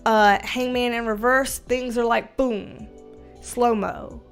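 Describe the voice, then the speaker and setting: A young adult woman giving a livestream tarot reading at home on a webcam, animated and casual, swearing freely. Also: fairly high pitch, measured pace, soft background music. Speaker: tarot reader.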